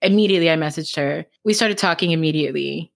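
A woman from Miami with a Miami accent, an author chatting in an interview, talking fast and laughing often. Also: deep voice, gravelly. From Miami, Florida. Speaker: author guest. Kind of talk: casual interview chat.

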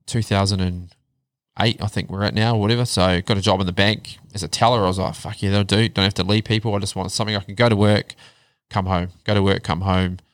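Thirties New man, low-pitched and candid, swears casually, dry close mic. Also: steady tone, fast talker, no echo. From New Zealand. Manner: candid storytelling, swears freely, drops to a low murmur on hard parts. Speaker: guest. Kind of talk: casual chat.

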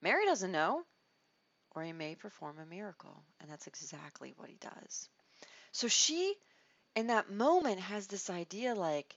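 A woman teaching a Bible study in a conversational, expressive way, restarting her phrases as she thinks. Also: medium pitch, measured pace, no echo. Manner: expressive, acts out quoted lines, restarts phrases. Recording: dull lo-fi dry recording.

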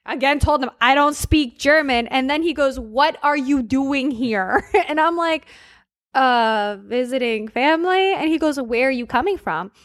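An American woman telling stories in casual chat as a podcast co-host, animated and laughing often. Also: high-pitched, a little slow, no echo, studio quality. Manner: animated storyteller, laughs often, quotes herself.

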